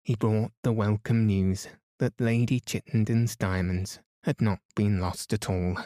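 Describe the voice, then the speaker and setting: Man, bedtime story narration, slow and flat, mellow low voice, dry close mic. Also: no echo. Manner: soft, soothing, even.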